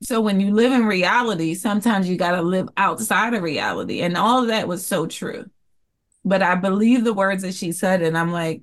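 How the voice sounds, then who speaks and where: A young woman telling her life story as a podcast guest, earnest and expressive, acting out the voices of people she quotes. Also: medium pitch, normal speed. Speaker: podcast guest, jewelry entrepreneur. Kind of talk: candid interview storytelling.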